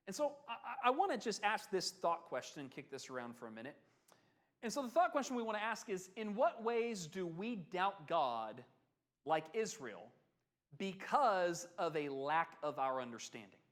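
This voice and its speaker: A man leads an adult Bible class, talking it through with the group and throwing questions at them. His voice sits high and moves a lot, rising and falling with real life. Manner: animated, conversational, asks the class questions.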